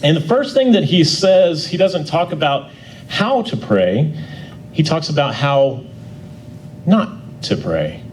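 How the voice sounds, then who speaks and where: A man teaching a church Bible class in a folksy, conversational way. He often restarts and repeats words, and he gets louder on his key points. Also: on the high side, very animated, slow, long pauses, a little hiss or hum, rough recording.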